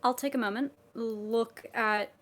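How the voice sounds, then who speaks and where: A woman's voice: a little high, steady tone, measured pace. A woman player in a tabletop game, talking hesitantly with many fillers.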